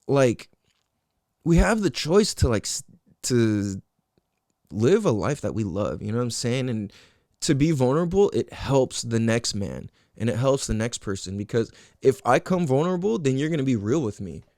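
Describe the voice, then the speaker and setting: A young man talks straight into a close mic on his solo podcast, his pitch leaping up and down as he gets worked up. He swears freely, leans on slang and acts out bits of conversation in other voices. The sound is dry, with almost no room around him. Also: moderate pace, no room sound. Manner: animated, profane, slangy, acts out quotes of friends. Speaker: podcast host. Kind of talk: casual solo podcast monologue.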